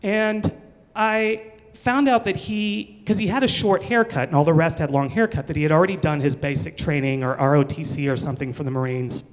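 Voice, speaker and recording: His voice is a little high, fairly even in intonation, and brisk; he's a Missouri man in his forties. Performing live, he tells a comic story from his own life, full of chatty self-mockery and laughs. The recording carries a long hall reverb.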